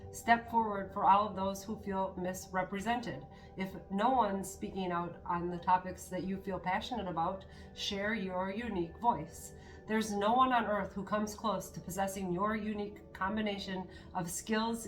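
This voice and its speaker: A woman giving a spiritual card reading to her viewers, talking in an earnest, encouraging way with spontaneous asides. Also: medium pitch. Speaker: tarot card reader.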